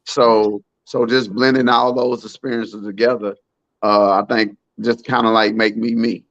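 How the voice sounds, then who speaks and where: Laid-back chef, lo-fi sound. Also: male voice, fairly low pitch, unhurried, no echo. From Alabama, US. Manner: laid-back, relaxed storyteller. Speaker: private chef, guest. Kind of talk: casual storytelling chat.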